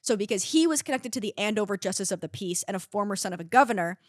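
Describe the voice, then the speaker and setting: A woman's voice: medium pitch, animated, fast talker, no echo, studio quality. A woman co-hosting a comedy podcast who chats casually, with lots of filler words. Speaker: podcast co-host.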